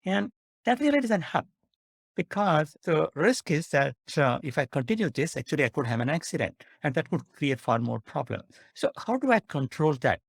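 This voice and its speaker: A man, a psychiatrist guest, explaining with worked examples in an earnest manner, pausing with "uh". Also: a little high, vocal fry, breathy edge, no room sound, clean studio sound. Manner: earnest and animated, with "uh" pauses.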